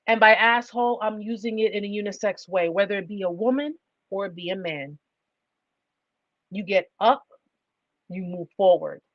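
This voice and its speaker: A woman's voice: medium pitch, no echo, muffled recording. A woman hosting a livestream advice talk, speaking emphatically and driving points home with repeated rhetorical questions. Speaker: livestream host.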